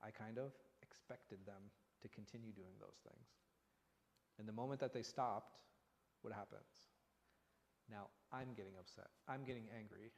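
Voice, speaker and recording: Imam teaching with rhetorical questions, hall reverb. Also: male voice, on the low side, normal speed. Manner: animated, asks rhetorical questions. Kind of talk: conversational religious lesson. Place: mosque hall.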